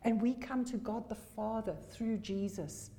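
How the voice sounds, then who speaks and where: A woman delivers a sermon in a mellow, warm voice. She is emphatic and hammers home key phrases through repetition. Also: medium pitch, fairly even intonation, unhurried. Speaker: preacher.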